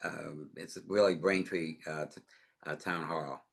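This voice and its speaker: A man making an announcement at a town planning board meeting, halting and full of fillers. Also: rumbling low, steady tone, vocal fry. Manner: halting, many fillers and restarts.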